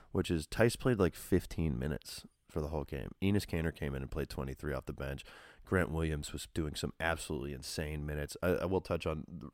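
A man co-hosting a podcast, chatting casually about basketball in a rambling, animated way, full of fillers and restarts. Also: extremely low pitch, no echo, clean studio sound. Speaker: podcast co-host. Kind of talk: casual sports chat.

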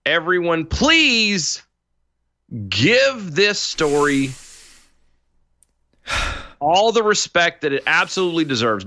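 A man's voice: fairly high pitch, slow pace, pauses often. A man co-hosting a show in casual, jokey banter, plugging the show and riffing. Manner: animated, jokey, plugs the show. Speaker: podcast co-host.

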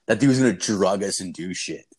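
A man's voice: sits low, normal speed, darkish tone, slightly rough. A man casually telling a long story, rambling and swearing, often laughing as he goes. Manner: rambling, profane, laughing as he tells it.

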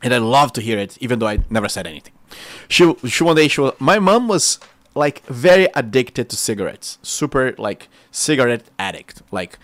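A man with a Brazilian Portuguese accent, a native Portuguese speaker, giving a testimony sermon in an excitable, animated storytelling way. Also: mid-range voice, normal speed, no echo. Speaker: preacher.

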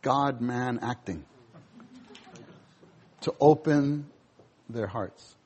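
A male preacher giving a sermon, animated, acting out scenes in voices. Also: mid-range voice, extremely slow, husky.

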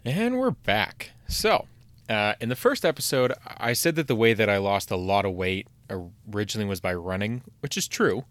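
A man's voice: on the low side, brisk, hardly any pauses, a bit bright, dry recording. A man hosting a solo podcast, talking in a rambling, profane way, full of "like" and fillers. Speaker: podcast host. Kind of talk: casual solo podcast rant.

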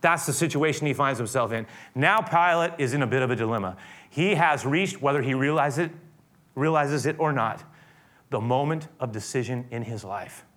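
A man preaching a sermon, retelling a scripture story dramatically, shifting from loud to hushed. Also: medium pitch, normal speed.

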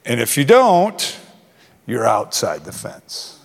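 A man's voice: mid-range voice, huge pitch swings, takes it slowly, vocal fry. A man preaching to a youth ministry in a conversational way, often acting out short quoted exchanges. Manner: conversational, acts out quoted dialogue. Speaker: pastor. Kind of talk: sermon. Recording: long hall reverb.

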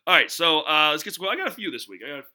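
A man's voice: on the high side, sing-song, rapid-fire, pushed and bright. A young man co-hosting a podcast, chatting in a laid-back way, laughing often and acting out quotes. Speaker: podcast co-host. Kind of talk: casual chat.

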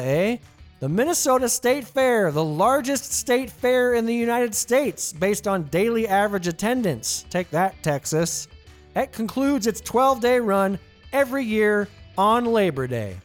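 A man hosts a trivia podcast, reading each question and its options twice and tossing in playful jokes between answers. His pitch rises and falls a lot as he talks. Soft music plays faintly behind him. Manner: playful, jokey asides, reads options twice. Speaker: trivia host.

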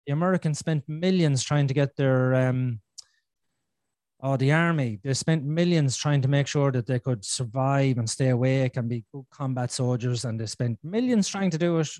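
At medium pitch and a normal pace, this man hosts a podcast in a frank, conversational way. His voice is a bit mellow and the recording dry; he curses liberally and says things more than once for emphasis.

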